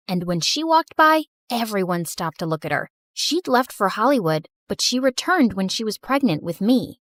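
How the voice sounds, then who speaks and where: A woman narrating an animated story in the first person, in an expressive, confessional tone. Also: fairly high pitch, no room sound, studio quality.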